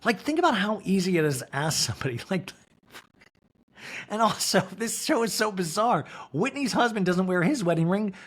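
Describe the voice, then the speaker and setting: A man hosting a podcast, giving an animated, rambling comedic recap of a reality show, sounding incredulous. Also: high voice, normal speed. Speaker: podcast host.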